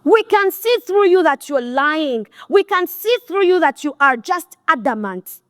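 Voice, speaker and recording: A woman's voice: high-pitched, expressive, unhurried, fairly bright tone, dry recording, clean studio sound. A middle-aged woman with a Ugandan accent gives a blunt, scolding motivational talk to an audience. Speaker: motivational speaker.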